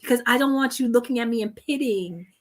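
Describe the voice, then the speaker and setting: A woman hosting a talk show, telling a personal story in an expressive way, acting out what others said and laughing as she goes. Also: fairly high pitch, fast. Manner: expressive, acts out quoted voices, laughs through stories. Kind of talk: conversational interview storytelling.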